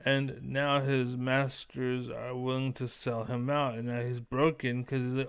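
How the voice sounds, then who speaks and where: A man's voice: medium pitch, flat delivery, measured pace, few pauses, smooth. A man delivering a rambling, profane vlog rant, full of "like" and restarts. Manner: rambling, profane, heavy use of "like". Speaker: vlogger. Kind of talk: casual ranting monologue.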